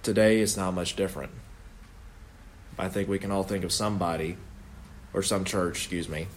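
A man's voice: sits low, steady tone, moderate pace, slight background noise. A young man leading an informal Bible study in a conversational, earnest way, often correcting himself mid-sentence.

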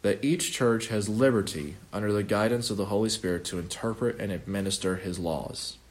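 A young man teaches a Bible study in a relaxed, conversational way. His voice sits on the low side, and he often stops to correct himself before pressing on earnestly. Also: fairly quick.

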